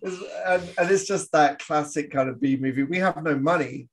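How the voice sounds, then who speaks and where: A man's voice: on the high side, normal speed. A man co-hosting a podcast, chatting casually about old films, laughing often and acting out quoted lines. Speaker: podcast co-host. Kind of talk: casual film discussion.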